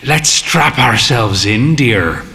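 A man's voice: mid-range voice, expressive, slow pace, gravelly, sharp tone, faint music behind, heavily acted. A man reading a story, voicing a thin, fey, jokey man in late middle age with a droll drawl.

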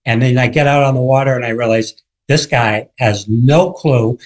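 Male author guest, mid-pitched, animated storyteller on a radio interview. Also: normal speed, low-quality recording. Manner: vivid storyteller, acts out quoted shouts.

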